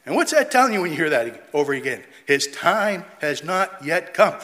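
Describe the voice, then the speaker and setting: Male preacher, middle-aged, animated sermon delivery, echoing hall. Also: on the high side, normal speed, hardly any pauses. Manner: animated, mocking quoted voices, reading scripture aloud. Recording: long hall reverb.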